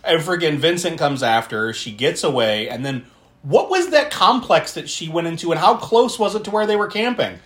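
A man co-hosting a podcast, retelling a horror movie in animated, laughing, swearing casual chat. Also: fairly high pitch, moderate pace. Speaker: podcast co-host.

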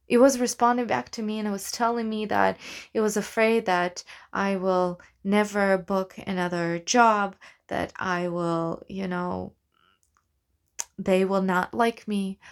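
Woman, podcast host, slow unhurried delivery, earnest and reflective, restarts her phrases. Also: mid-range voice. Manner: earnest, thoughtful, with frequent restarts. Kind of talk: reflective solo podcast talk.

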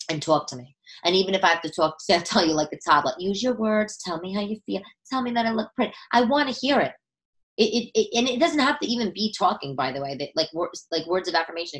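A woman hosting a podcast, talking in an animated, chatty way with frequent restarts. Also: fairly low pitch, rough recording. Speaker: podcast host. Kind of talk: casual chat. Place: living room.

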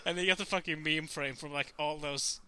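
A man's voice: on the high side, steady tone, pushed and bright, smooth. A young man co-hosting a casual chat, cracking jokes and swearing often. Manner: joking, swears, quick asides. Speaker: podcast co-host.

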